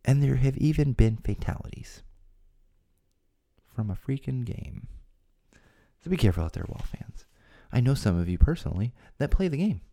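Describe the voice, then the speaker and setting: A man's voice: medium pitch, expressive, moderate pace, vocal fry, long pauses, warm tone. A man hosting his own podcast, chatting casually with jokey asides and rambling restarts. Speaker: podcast host. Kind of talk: casual solo podcast talk. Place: home studio.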